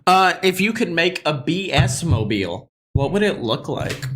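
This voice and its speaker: A man co-hosting a comedy podcast, chatting excitedly and swearing through a hot-sauce challenge. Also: fairly high pitch, normal speed, slight background noise. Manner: loud, excitable, swearing, laughing often. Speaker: podcast co-host.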